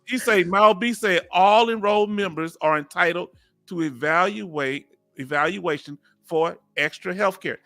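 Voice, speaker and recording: A man from Houston with a Southern Texas accent, hosting a live stream in a folksy, drawn-out storytelling way. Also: sits high, sharp tone. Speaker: host.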